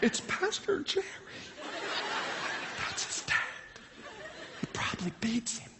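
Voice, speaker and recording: Shrill gossiping bleacher parents, as a man puts them on. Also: wildly swooping pitch, slow pace, heavy background noise, exaggerated voice. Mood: fretful, gossipy. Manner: shrill, gossipy, exaggerated, laughing. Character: crowd of fretting ballpark parents, adults of both sexes. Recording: long reverb of a large hall.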